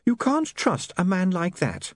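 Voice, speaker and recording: A man voicing a prim, sharp-tongued young woman in an audiobook. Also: high-pitched, wildly swooping pitch, measured pace, no room sound, clean studio sound, pitched above the performer's own voice, heavily acted.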